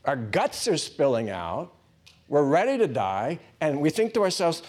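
A man preaching, telling a personal story, swinging between loud bursts and hushed asides. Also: a little high, sing-song, measured pace. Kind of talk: sermon storytelling.

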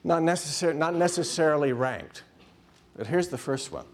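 Animated, husky-voiced preacher. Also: male voice, a little high, normal speed. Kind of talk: sermon.

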